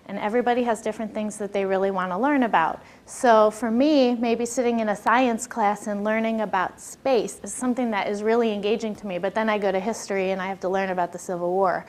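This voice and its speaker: A woman with a medium-pitched voice gives a workshop lecture on classroom behavior. She talks conversationally and puts questions to her audience.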